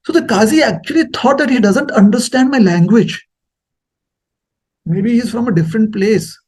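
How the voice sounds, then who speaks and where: A man giving a sermon, telling a story in a lively, animated way. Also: sits high, moderate pace, breathy edge. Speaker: speaker at a temple talk.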